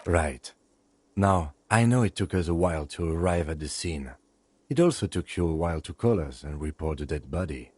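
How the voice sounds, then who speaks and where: A formal police detective, low husky voice, dry sound, faint music. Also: male voice, lively intonation, moderate pace, darkish tone, dry recording. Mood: composed. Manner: formal, clipped, composed. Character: calm precise male police lieutenant.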